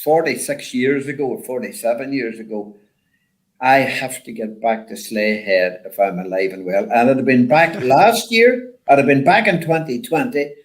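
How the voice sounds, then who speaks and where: An older man, a former rally driver, telling stories in a rambling, animated way with lots of repeated words. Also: mid-range voice, moderate pace, poor audio. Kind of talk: casual storytelling chat.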